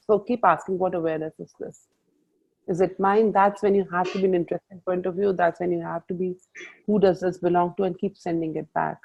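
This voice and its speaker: A woman coaches a group over a video call, her voice carrying a gravelly edge. She tells her stories with animation and quotes her own inner talk. The sound is muffled, as video-call audio often is. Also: mid-range voice.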